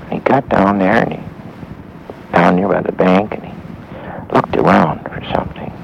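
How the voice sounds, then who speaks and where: Deep, gravelly-voiced male storyteller. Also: highs cut off, slight background noise. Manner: halting, with pauses and restarts. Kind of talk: spoken Christian story for listeners.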